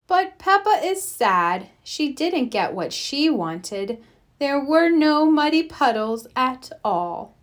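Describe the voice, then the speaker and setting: Slow, singsong woman reading a storybook. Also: mid-range voice, a bit bright. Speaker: storybook reader. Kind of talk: children's read-aloud narration.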